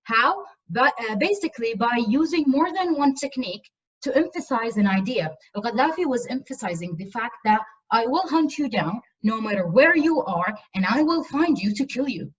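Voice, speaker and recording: A woman's voice: on the high side, animated, normal speed, husky. Woman lecturing over a muffled video call. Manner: earnest, emphatic with frequent repetitions. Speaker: university lecturer. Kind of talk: online lecture.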